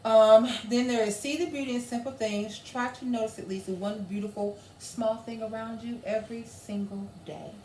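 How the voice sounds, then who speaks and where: A woman's voice: a little high, fairly even intonation, normal speed, few pauses, dark tone. A woman, co-hosting a casual chat in an upbeat, matter-of-fact way. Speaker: podcast co-host. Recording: echoey room with faint noise.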